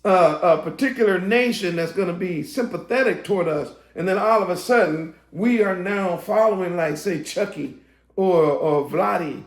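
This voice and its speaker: A man preaching a sermon to online viewers, his voice going hoarse, building to emphatic, shouted preaching. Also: high-pitched, moderate pace, roomy sound. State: voice getting hoarse.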